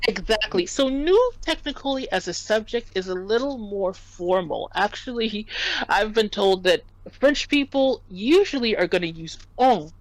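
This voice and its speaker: A woman's voice: mid-range voice, lively intonation, unhurried, dry recording, rough recording. A woman tutoring French in a casual lesson, patiently explaining and spelling out words.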